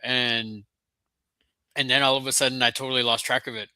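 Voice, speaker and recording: A man guest on a watch-party stream, talking in a relaxed, friendly way. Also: mid-range voice, brisk, smooth, no room sound. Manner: laid-back, friendly, says man and brother. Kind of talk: casual watch-party chat.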